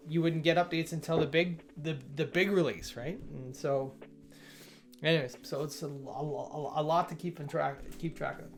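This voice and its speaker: A man hosting a casual livestream, reading changelog items aloud, greeting chat viewers and rambling with frequent self-corrections. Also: a little high. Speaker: livestream host reviewing software updates.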